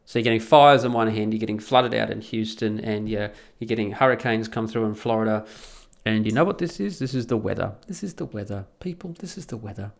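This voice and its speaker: A man's voice: fairly low pitch, fairly quick, gravelly. A man ranting casually in a profane, rambling way, with many restarts. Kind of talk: casual rant.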